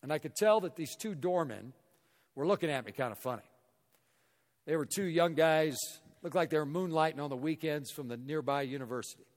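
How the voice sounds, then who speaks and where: A middle-aged man from Missouri giving a motivational talk to a hall audience, telling an animated story and acting out the dialogue. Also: a little high, fairly quick. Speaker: guest speaker. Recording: echoey hall reverb.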